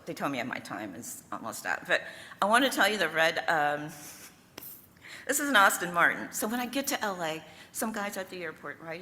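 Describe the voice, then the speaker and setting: Older Southern woman, low bright voice, lively storyteller at a panel, echoing hall. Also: slight background noise. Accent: Southern American. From American South. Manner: lively, laughing, asks the audience "okay?" and "right?". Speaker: panel speaker. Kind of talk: storytelling talk with slides. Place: lecture room. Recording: reverberant hall, faint ambience.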